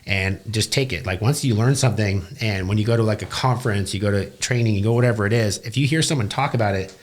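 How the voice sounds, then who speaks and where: A young man who owns a business recounts his career, bluntly and with plenty of profanity, in an animated retelling during a casual interview. He speaks quickly, his voice on the low side.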